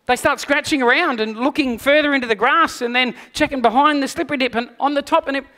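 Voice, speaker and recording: Male Australian pastor, high, forceful voice, lively storyteller who softens into earnest preaching. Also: fast talker, in a large hall. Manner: animated storyteller, dropping to a quiet, earnest tone for the message. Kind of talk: sermon with personal storytelling.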